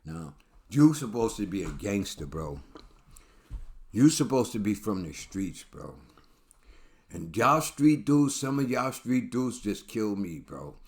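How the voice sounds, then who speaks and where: A man's voice: lowish voice, very animated, takes it slowly, darkish tone. A man hosting a celebrity commentary channel, ranting bluntly with profanity and lots of repetition.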